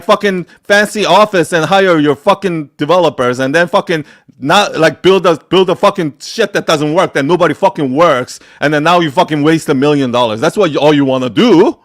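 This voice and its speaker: A man with a somewhat high-pitched voice talks straight to his viewers in a live Q&A. He is blunt and profane, drives each point home by repeating it, and speaks with forceful conviction. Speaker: host answering live questions.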